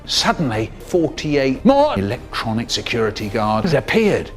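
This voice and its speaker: A man telling a comic story, dramatic and expressive. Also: unhurried, music in the background. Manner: expressive, dramatic swoops in pitch.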